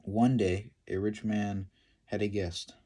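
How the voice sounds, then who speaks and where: A man retelling a Bible story and commenting on it, in a halting, filler-heavy way. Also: lowish voice, fairly even intonation, warm tone. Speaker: Bible teacher.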